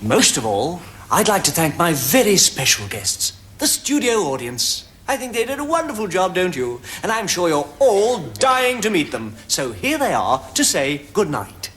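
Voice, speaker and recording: A man's voice: high-pitched, wildly swooping pitch, normal speed, hardly any pauses. Chirpy man hosting a comedy show. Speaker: host. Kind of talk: closing the show to camera. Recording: loud studio audience and noise.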